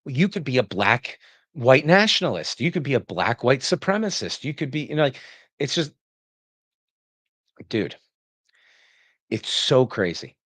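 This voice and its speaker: Man, reaction commentator, sarcastic, indignant, mid pitch, dry sound. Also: sing-song, a little slow, pauses often, a bit bright, no room sound.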